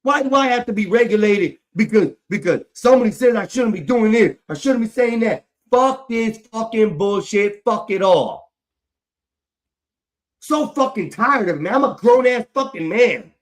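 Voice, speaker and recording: A man hosting a livestream rants angrily, swearing heavily and repeating himself. His voice sits high, with lively intonation at a normal speed.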